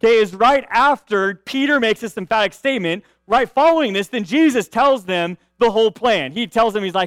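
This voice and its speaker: High-voiced man preaching conversationally. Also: brisk, few pauses, fairly bright tone, smooth, no echo. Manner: conversational, frequent "right?" asides and restarts. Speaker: pastor. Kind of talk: sermon.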